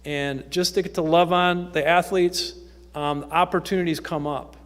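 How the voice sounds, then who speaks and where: Higher-voiced man telling stories in church. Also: fairly even intonation, moderate pace, a bit bright. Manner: conversational storytelling with frequent ums. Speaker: youth ministry worker speaking at church. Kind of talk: informal testimony talk from the pulpit. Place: church sanctuary. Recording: echoey church hall.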